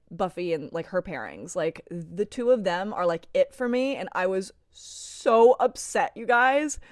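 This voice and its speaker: A woman's voice: mid-range voice, no room sound, studio quality. A woman in her thirties chatting casually in a video blog, gushing and emotional, filling her talk with "like" and "um". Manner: gushing and emotional, heavy use of "like" and "um". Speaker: vlogger reviewing TV episodes. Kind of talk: casual chat.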